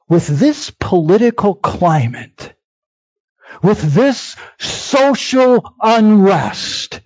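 Husky, slow, dynamic male preacher. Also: on the high side, dry recording. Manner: dynamic delivery that swings from hushed near-whispers to raised emphatic cries. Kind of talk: sermon. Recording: dull lo-fi dry sound.

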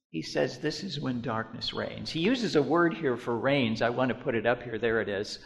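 A middle-aged man preaching a sermon, moving between loud storytelling and hushed, deliberate emphasis with drawn-out repetitions. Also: mid-range voice, animated, vocal fry. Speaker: pastor.

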